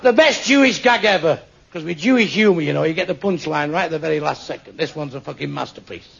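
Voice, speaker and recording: A man doing stand-up, telling crude jokes with lots of swearing in a deadpan way. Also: fairly high pitch, fast talker, creaky, slight background noise. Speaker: comedian. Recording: muffled lo-fi with faint ambience.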